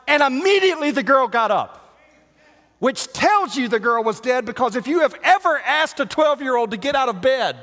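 A male pastor preaching a sermon, swinging between hushed, quiet stretches and loud shouting, with joking asides. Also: very high voice, sing-song, normal speed. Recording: long hall reverb.

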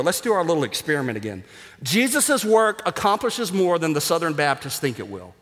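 A man preaching a sermon as pastor, energetic and jokey, sometimes rising almost to a shout for emphasis. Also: medium pitch, moderate pace. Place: church sanctuary. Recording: reverberant hall.

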